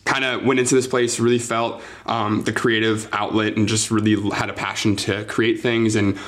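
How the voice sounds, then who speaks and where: A man's voice: fairly low pitch, level tone, normal speed, fairly bright tone. A young man who is a youth pastor, telling his story in an interview, earnest and full of ums and likes. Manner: earnest, filler-heavy, says like and um often.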